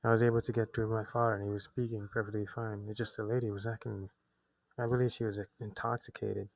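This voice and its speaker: A man's voice: on the low side, flat delivery, fast talker, creaky, dry recording, rough recording. A young man telling a personal story, often restarting his sentences, agitated as he recounts what happened. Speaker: vlogger.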